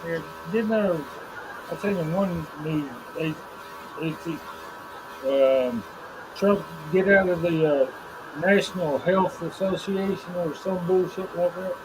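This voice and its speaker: A man's voice: high-pitched, unhurried. A man in a casual chat, speaking hesitantly with many ums. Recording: clear background noise.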